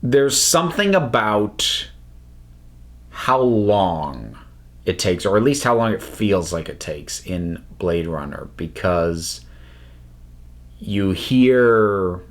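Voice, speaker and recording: A man hosting his own film video, talking in casual commentary that is expressive and halting, with many restarts. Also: lowish voice. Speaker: YouTube host reviewing films.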